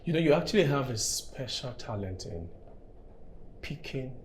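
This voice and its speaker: An actor with a Nigerian English accent playing a kind young man who helped a stranded woman. He speaks calmly and earnestly, and turns defensive when teased. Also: medium pitch, normal speed, slight background noise, natural voice.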